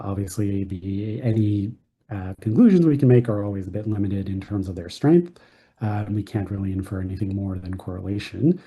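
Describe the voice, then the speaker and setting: A man giving a conference research talk in a very dark, husky voice. He pauses often, filling the gaps with ums and uhs. His pitch sits a little low. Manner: hesitant, many ums and uhs. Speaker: presenting physician researcher.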